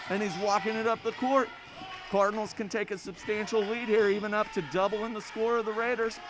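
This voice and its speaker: High-voiced folksy school basketball announcer. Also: male voice, fairly even intonation, moderate pace. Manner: folksy, chatty, addresses fans directly. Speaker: play-by-play announcer. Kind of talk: live basketball commentary. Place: school gym.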